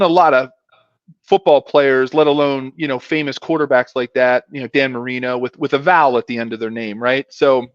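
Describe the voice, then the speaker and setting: A middle-aged man, a former pro football player, telling stories in a casual, animated way and putting on voices for quotes. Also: mid-range voice, dry recording, highs cut off. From Pennsylvania. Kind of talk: casual storytelling.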